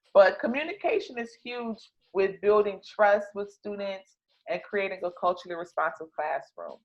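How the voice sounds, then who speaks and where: Woman walking teachers through classroom ideas, chatty with lots of ums, kinda muffled lo-fi sound. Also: medium pitch. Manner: conversational, many fillers and restarts, repeats key words. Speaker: teacher trainer. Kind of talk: instructional talk.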